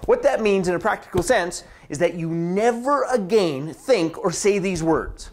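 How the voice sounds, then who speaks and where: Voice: mid-range voice, animated, measured pace, few pauses, darkish tone, a little hiss or hum. A business strategist giving a scripted promotional address, with dramatic delivery that drops into whispers for emphasis. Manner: acts out contrasting inner and outer voices.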